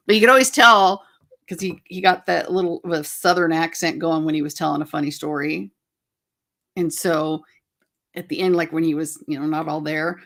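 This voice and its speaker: A woman's voice: low-pitched, fairly bright tone. A woman co-hosting a casual livestream, teasing and chiming in. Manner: teasing, quick interjections. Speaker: co-host.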